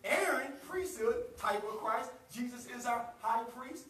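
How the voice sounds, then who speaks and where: An American man preaching a sermon as pastor, calling on a reader and building up to shouting. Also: very high voice, expressive, a little slow, a little hiss or hum. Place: church sanctuary. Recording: roomy live church recording from a distance.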